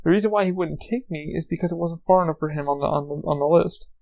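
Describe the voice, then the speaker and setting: A man's voice: fairly high pitch, fast talker, vocal fry, mellow. A man hosting a podcast, telling rambling, profane anecdotes in a casual monologue. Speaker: podcast host.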